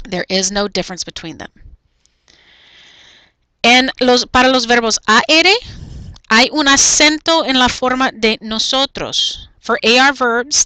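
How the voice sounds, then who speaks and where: A woman's voice: a little high, bright, forceful tone, no room sound, poor audio. A woman teacher talking through a recorded video lesson, saying each point in Spanish and then again in English.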